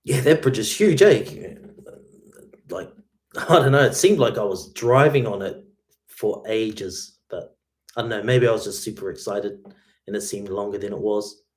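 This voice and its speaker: A man with a fairly low voice hosts a guitar livestream, taking his time as he reads viewer comments. He chats in a relaxed, easygoing way and keeps dropping "man" and "mate" into his talk.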